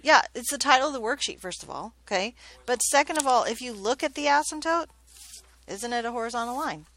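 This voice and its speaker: A woman's voice: a little high, lively intonation, brisk, a bit bright. A woman math teacher giving a classroom lesson, chatty and joking, often checking in with questions.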